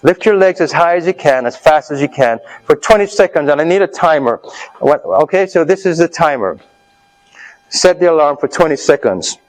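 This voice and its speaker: A man with a slightly high voice leading a live health workshop. He talks the room through an exercise step by step and keeps checking that everyone is following. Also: lively intonation, normal speed, low-quality recording. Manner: coaching, urging the audience on loudly. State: out of breath. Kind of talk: live seminar talk with group exercise.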